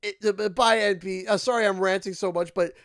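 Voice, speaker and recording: A Canadian man streaming a game, ranting with sarcasm and bursts of shouting. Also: high voice, fairly even intonation, brisk, no room sound, studio quality. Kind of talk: gaming livestream commentary.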